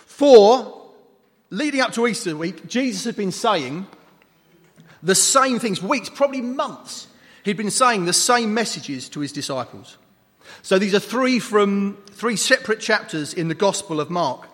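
A preacher with a fairly high voice delivers a playful Easter sermon, bantering with his congregation and throwing questions at them. His words ring out through a large church hall with a long, lingering reverb. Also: expressive, moderate pace, a bit bright.

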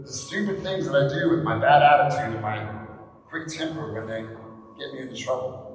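A man, a pastor giving a candid, conversational sermon with rhetorical questions. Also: medium pitch. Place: church service in a large echoing hall. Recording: echoey hall, distant mic, faint room noise.

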